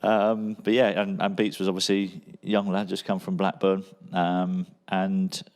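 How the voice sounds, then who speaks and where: A man's voice: deep voice, little pitch movement, a little slow, a little mellow. A man co-hosting a podcast, a former footballer, talking in a laid-back, rambling way with plenty of fillers. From England. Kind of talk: casual chat.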